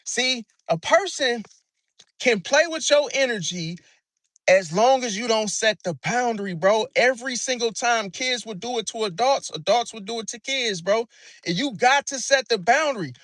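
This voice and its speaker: A man's voice: very high voice, expressive, normal speed, fairly bright tone, no echo, clean studio sound. A man in a casual monologue about zodiac signs, slangy and repetitive, calling the listener bro. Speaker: astrology commentator.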